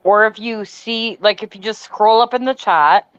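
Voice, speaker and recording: A woman's voice: medium pitch, moderate pace, smooth, dry recording. Giggly Canadian woman on a muffled stream. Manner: giggly, chatty, lots of "like". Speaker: livestream host. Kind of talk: casual livestream chat.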